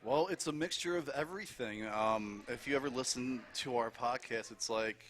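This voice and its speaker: A man's voice: medium pitch, normal speed, fairly bright tone. A man guesting on a podcast, explaining his show in a hesitant way with many ums. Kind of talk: casual bar chat.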